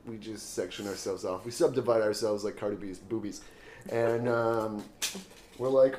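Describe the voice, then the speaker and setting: A man's voice: on the low side, expressive, moderate pace, slight background noise. A man co-hosting a podcast in crude casual banter, joking, trailing off and laughing often. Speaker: podcast co-host.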